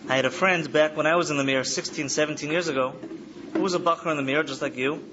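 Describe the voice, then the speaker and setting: A man's voice: fairly high pitch, fairly even intonation, quick pace, dull audio, background noise. Earnest man speaking to students. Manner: earnest, repeats key phrases. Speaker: trauma counselor speaking to yeshiva students. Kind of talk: lecture to an audience. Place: study hall.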